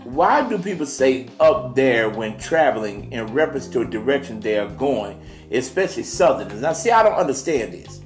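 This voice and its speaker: A man's voice: medium pitch, very animated, moderate pace, roomy sound, soft background music. A man from Tennessee, co-hosting a casual chat and ranting in a joking, opinionated way. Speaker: podcast co-host.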